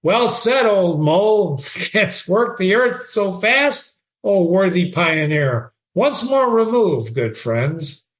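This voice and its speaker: A man's voice: high voice, very animated, slow, hardly any pauses, a bit bright, full character voice. Man reading as a brooding young prince. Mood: urgent. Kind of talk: dramatic reading of a play.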